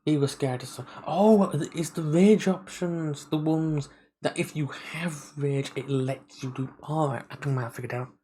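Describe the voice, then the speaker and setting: Mellow-voiced streamer reading a game aloud. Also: mid-range voice, moderate pace, slight background noise, poor audio. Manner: reads narration aloud, stumbling and restarting words. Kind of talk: live-streamed game play-through, reading story text aloud with commentary.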